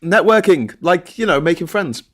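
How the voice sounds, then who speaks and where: A man's voice: high voice, expressive, normal speed. A man with a Liverpool Scouse accent hosting a casual show, chatty and jokey, swearing freely. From Liverpool, England. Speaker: host. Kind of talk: casual chat.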